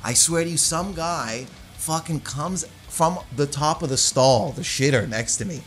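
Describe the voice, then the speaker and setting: A man telling a rowdy stand-up-style story in a casual chat, his voice slightly high for a man. He swears freely and slips into the voices of the people he describes. Soft music plays faintly in the background. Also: unhurried. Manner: animated, profane, acts out the other people's lines. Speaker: stand-up comedian, guest.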